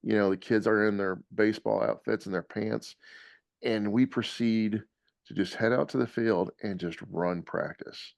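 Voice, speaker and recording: A man telling a lively story in casual podcast chat, laughing often. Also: fairly low pitch, moderate pace, creaky, dry recording. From American South.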